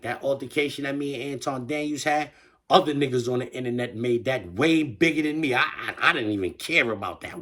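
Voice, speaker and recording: A man's voice: mid-range voice, pushed and bright. A man giving a casual commentary rant in slangy street talk, full of stammered restarts. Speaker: online commentator.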